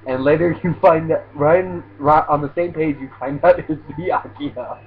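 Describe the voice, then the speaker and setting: A man's voice: fairly high pitch, fairly even intonation, moderate pace, breathy edge. A young man giving a laid-back manga chapter review, often swearing and restarting his sentences. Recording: tinny phone-like lo-fi audio.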